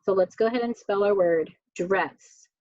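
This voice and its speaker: A woman teaching a slow spelling lesson, sounding out words and letters one at a time. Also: mid-range voice, mellow, no room sound. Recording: dull, dry lo-fi recording.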